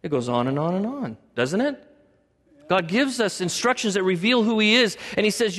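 A man's voice: sits high, expressive, normal speed, a bit bright. A male pastor preaching a sermon in an emphatic style, with rhetorical questions and storytelling. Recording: long hall reverb.

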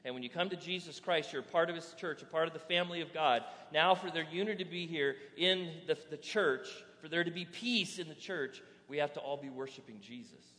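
A male pastor delivers a sermon with animated energy, leaning on rhetorical questions to the congregation. His voice sits a little on the high side. The sound carries a long reverb, as if recorded in a large church hall. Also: fairly quick, few pauses.

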